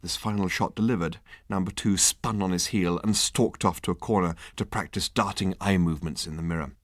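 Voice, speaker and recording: A man reading an audiobook aloud with wry, deadpan humor. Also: low voice, a little fast, no echo, studio quality. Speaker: audiobook narrator. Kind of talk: scripted narration.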